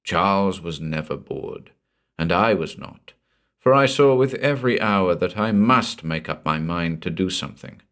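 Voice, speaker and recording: A man with a deep, low-pitched voice reads a horror tale aloud. His storytelling is measured and unhurried, with dramatic pauses between phrases. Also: animated, fairly bright tone. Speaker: narrator. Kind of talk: scripted horror audiobook narration.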